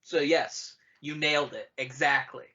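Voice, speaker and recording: A podcast co-host in their thirties talks in a bright, forward voice, rambling and joking with plenty of swearing. The audio is dull and lo-fi, like a home podcast recording. It is all casual chat. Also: medium pitch, unhurried. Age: 30s.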